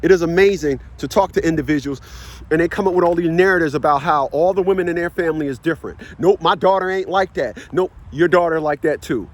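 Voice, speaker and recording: A man with a somewhat high voice holds forth in a casual vlog, repeating lines for emphasis. He lectures like a preacher on a street corner, and his pitch climbs when he gets worked up. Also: fast talker. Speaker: vlogger. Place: outdoors with his dogs.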